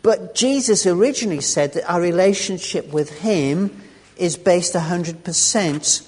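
A man's voice: high voice, unhurried, a little mellow, husky. A man preaching a sermon in a chatty way, with asides and restarts, recorded in a church hall. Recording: long reverb of a large hall.

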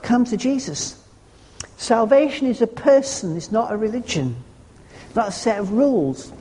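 A man's voice: high voice, lively intonation, normal speed, mellow, slight background noise. A man preaching a sermon, earnest and conversational, with homely humorous asides. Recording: long hall reverb.

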